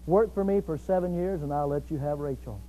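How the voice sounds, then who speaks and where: A man preacher voicing Laban, a shrewd older man who names his terms in a low, flat voice. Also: a little fast, lightly acted. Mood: cunning. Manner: low, flat, matter-of-fact. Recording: dull lo-fi recording.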